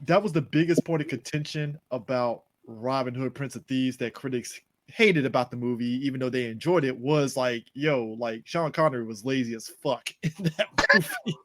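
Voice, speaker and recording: A man's voice: mid-range voice, normal speed, few pauses, fairly bright tone, no room sound. A man co-hosting a podcast, recapping movie scenes in a casual, stumbling way. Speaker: podcast co-host.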